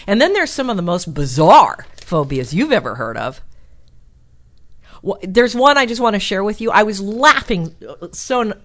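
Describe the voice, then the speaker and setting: Woman radio advice host, lively swooping pitch, chatty and animated. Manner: chatty and animated, laughs at own jokes. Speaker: radio call-in show host. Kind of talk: casual call-in advice talk.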